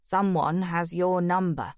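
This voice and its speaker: A woman reading the part of a gentle older aunt who speaks slowly and softly. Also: fairly low pitch, steady tone, dry recording, clean studio sound. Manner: slow, soft, measured. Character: warm older aunt, gentle and slow-spoken.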